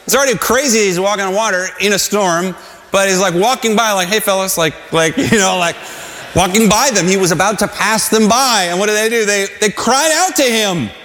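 A man preaching with a high voice, earnest and halting, often restarting a thought before pushing on. His calls rise to shouts, and his voice rings with a long reverb, as in a large hall. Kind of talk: sermon.

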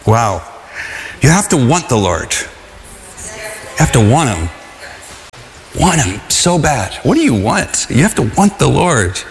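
A man preaching a sermon in an earnest, halting way, with restarts and calls that rise to shouts. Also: mid-range voice, very animated. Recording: long hall reverb.

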